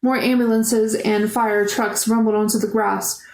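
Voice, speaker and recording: A woman reading a novel aloud in steady first-person narration. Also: fairly high pitch, measured pace. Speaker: audiobook reader. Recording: roomy echo.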